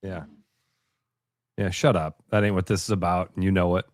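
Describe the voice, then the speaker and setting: A man's voice: low-pitched, flat delivery, moderate pace, no echo, clean studio sound. A man co-hosting a sports talk radio show, pushing back in a blunt, sarcastic and profane way.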